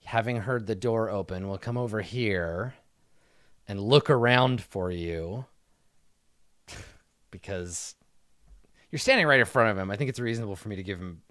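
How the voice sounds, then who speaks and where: Man, dungeon master, low bright voice, dry close sound, conversational rulings. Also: normal speed, long pauses, no echo. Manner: explains rulings and actions conversationally. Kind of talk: narrating a tabletop game.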